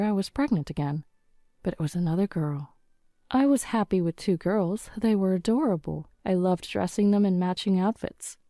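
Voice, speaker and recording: Low, mellow woman narrating a story. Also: no room sound, studio quality. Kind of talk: scripted first-person story narration.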